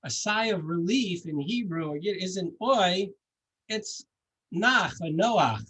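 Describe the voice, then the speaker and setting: A man's voice: high voice, expressive, moderate pace, breathy edge, rough recording. A man giving a sermon as a rabbi, conversational and storytelling, with jokes and asides.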